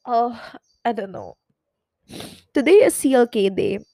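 Young woman rambling thru her feelings on her podcast, a bit teary, kinda gravelly and highish voice. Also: expressive, unhurried, dark tone, no room sound, studio quality. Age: young adult. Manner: emotional, rambling, with many restarts and fillers. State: tearful. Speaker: podcast host. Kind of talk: personal confessional chat.

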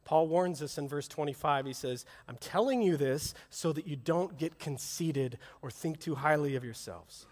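Man, middle-aged pastor, sermon, slightly high voice, long hall reverb, rousing then hushed. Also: moderate pace, hardly any pauses. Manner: swings from loud rousing calls to hushed intimate asides. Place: church service, large hall.

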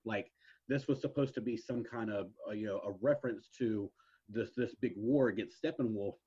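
A man's voice: lowish voice, moderate pace, warm tone, slightly rough. A man in casual chat, knowledgeable but hesitant with many fillers, on a dull lo-fi recording. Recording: dull lo-fi sound.

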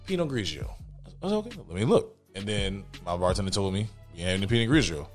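Animated, fast-talking young man telling stories. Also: low voice, faint music behind. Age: young adult. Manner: animated storyteller, slangy, acts out both sides of a quarrel. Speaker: podcast co-host. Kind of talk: casual chat.

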